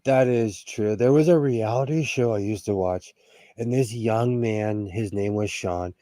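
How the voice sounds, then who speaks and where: A man from California hosting a sewing livestream, telling stories in a playful, animated way with plenty of laughter. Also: lowish voice, measured pace, dry recording. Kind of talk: casual chat.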